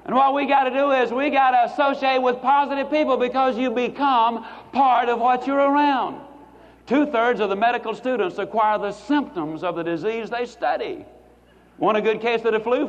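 A man giving a folksy, joking motivational speech to a live audience, slowing down for emphatic punchlines. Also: very high voice. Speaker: motivational speaker. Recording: dull lo-fi recording, long hall reverb.

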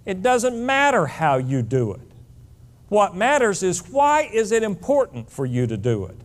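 A man's voice: high-pitched, huge pitch swings, a little slow. A middle-aged man giving a motivational speech, blunt and emphatic, lecturing his listeners. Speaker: motivational speaker.

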